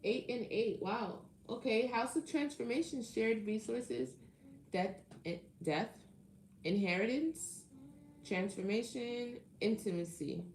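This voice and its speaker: A woman's voice: on the high side, animated, takes it slowly, darkish tone, a little hiss or hum. A woman hosting a live tarot stream, chatting playfully with viewers and reading their comments aloud. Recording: echoey room with faint music behind. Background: faint background music.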